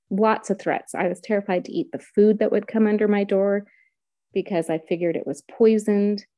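A woman's voice: lowish voice, dark tone, no echo. A middle-aged woman telling her own story in casual conversation, retelling events vividly and acting out quotes.

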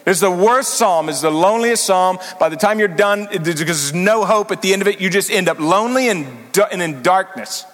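A man preaching a sermon as senior pastor, animated and emphatic, sometimes rising suddenly loud. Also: high voice, normal speed, few pauses, long reverb tail.

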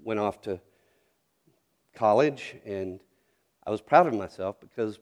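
A man's voice: lowish voice, measured pace. A middle-aged man from North Carolina, a pastor preaching a sermon with storytelling and earnest questions.

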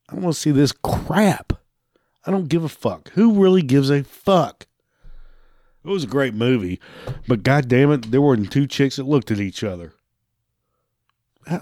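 Male host, angry profane rant, dry close sound, middle pitch. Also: a little mellow, dry recording. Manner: angry, swearing heavily, laughing between lines.

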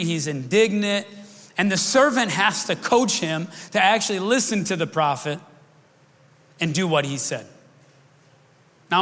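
A man's voice: high voice, a bit bright. A middle-aged man preaching a sermon as pastor, speaking conversationally, wandering off track and restarting his sentences. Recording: long reverb of a large hall.

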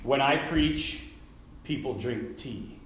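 A middle-aged man giving a lively faith talk to a live audience, telling stories and tossing asides to the listeners. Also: medium pitch, takes it slowly, slight background noise. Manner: animated storytelling with asides to the audience. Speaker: Catholic speaker. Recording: echoey hall with faint ambience.

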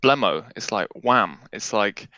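A man's voice: fairly low pitch, lively intonation, measured pace, bright, forceful tone, no room sound, muffled recording. A man co-hosting a casual podcast, trading playful, joking banter. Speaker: podcast co-host. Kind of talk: casual chat.

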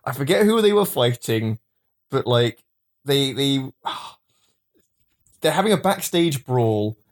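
A man's voice: medium pitch, expressive, takes it slowly. A man in casual podcast chat, swearing and acting out quotes in funny voices. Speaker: podcast co-host.

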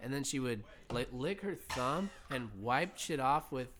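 Young guy on a podcast rambling thru a story, swears a lot, mid pitch. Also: expressive, measured pace, a bit bright. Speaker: podcast co-host. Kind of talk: casual chat.

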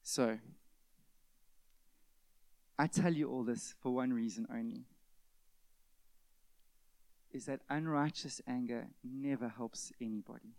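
A male pastor preaching a sermon, swinging from loud emphatic peaks to hushed near-whispers and asking the congregation rhetorical questions. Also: medium pitch, takes it slowly, gravelly, pauses often, no echo.

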